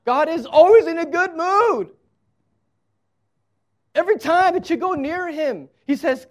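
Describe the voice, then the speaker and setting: Man, pastor, sermon, conversational, humorous, emphatic, high voice. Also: expressive, a little slow, long pauses.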